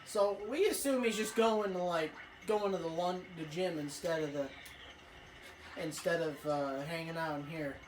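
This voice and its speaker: A woman telling a rambling, swear-filled school story while playing a racing game, with excitable outbursts. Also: low voice, moderate pace, a little hiss or hum. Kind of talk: casual let's-play storytelling. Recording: echoey room, faint music.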